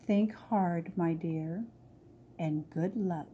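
A woman reading aloud voices a gentle, stately queen mother in a storybook, speaking in a calm, measured way. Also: lowish voice, lo-fi sound, a little hiss or hum.

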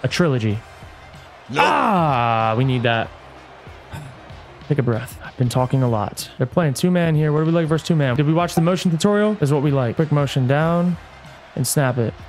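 A man's voice: on the high side, moderate pace, soft background music. Hyped man calling his own game plays. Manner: excitable, coaching himself, yelling at big plays. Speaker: gamer commentating his own football video game play. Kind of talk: hyped live gameplay commentary.

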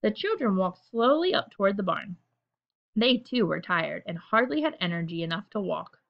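A woman reads a children's story aloud at bedtime, gentle and expressive. Her pitch moves in a lively, animated way through the sentences. The recording sounds dull and lo-fi. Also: moderate pace, creaky. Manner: gentle, expressive, chatty asides.

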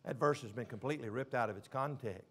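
A man preaching a sermon, stressing words slowly and dropping suddenly to a hush. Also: mid-range voice. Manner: emphatic, with slow drawn-out stresses and sudden quiet drops.

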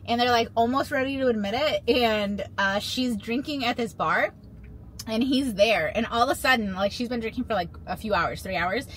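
Out and about and in her car, a vlogger in her thirties who is a mother chats to her phone camera, telling rambling, playful stories. Her voice sits on the high side and is a bit bright, with a moderate pace and slight background noise.

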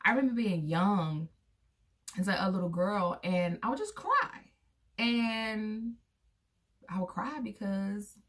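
A woman and mother giving her candid opinions to viewers in a casual vlog, acting out quoted voices with big jumps in pitch. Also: a little slow. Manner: candid, talks straight to viewers. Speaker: vlogger; parent of a son.

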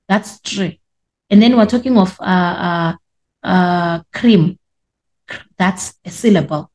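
A woman teaching a class, explaining slowly with repetition and stretched words for emphasis. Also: mid-range voice, darkish tone. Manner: explanatory, repeats points and drags out words for emphasis. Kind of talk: classroom lesson.

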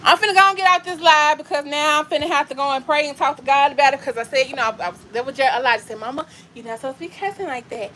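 A woman vlogger rants bluntly and profanely into her phone at home during a livestream. Her voice sits very high and rings bright and sharp. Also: racing, few pauses, slight background noise. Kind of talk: casual livestream rant.

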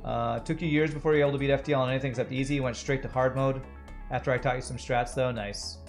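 A man's voice: mid-range voice, fairly even intonation, racing, faint music behind. A male game streamer with a mid-range voice chats casually with viewers. He jokes around and reads their comments aloud between moves. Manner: jokey, reads chat aloud.

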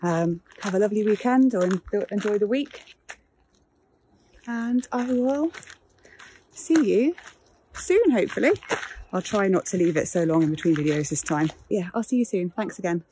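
A chatty woman talks to the camera while walking her dogs outdoors, a little out of breath. Her voice is mellow and warm. A faint hiss of background noise sits under it. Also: medium pitch, lively intonation, moderate pace, pauses often. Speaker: vlogger. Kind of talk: casual vlog chat.

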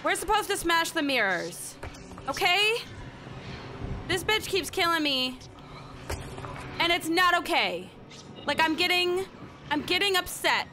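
High-voiced frightened woman gamer, swearing. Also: very animated, unhurried, pauses often. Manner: frightened, swears and repeats herself. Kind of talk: horror game let's-play commentary. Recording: noisy with game sound behind.

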